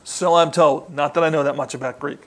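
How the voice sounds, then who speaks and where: A man preaching a sermon in a chatty, conversational way, often asking the congregation questions. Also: a little fast. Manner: conversational, asks the congregation questions, lively rises in pitch.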